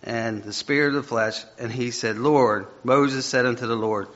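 A man's voice: medium pitch, normal speed, few pauses, fairly bright tone. A man giving a conversational sermon, chatty and self-deprecating, reading scripture aloud and stumbling over the text as he goes. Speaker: preacher. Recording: dull lo-fi recording.

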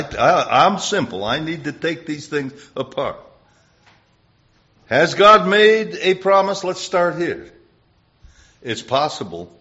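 A man preaching a sermon, emphatic, building to loud bursts on key points. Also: mid-range voice. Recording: dull lo-fi recording.

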